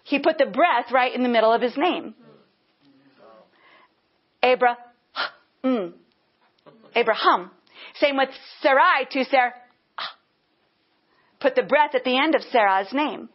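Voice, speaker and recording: A woman's voice: sits high, lively intonation, brisk. A woman teaching a Bible lesson earnestly, breaking into bursts of praise. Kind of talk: teaching sermon. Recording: dull lo-fi sound.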